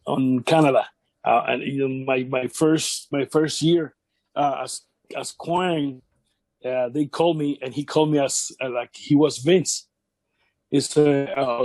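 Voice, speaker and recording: Dark-voiced man telling wrestling stories. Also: medium pitch, measured pace, no echo. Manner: animated anecdotes, non-native English grammar. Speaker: interview guest, former wrestler. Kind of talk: shoot interview storytelling.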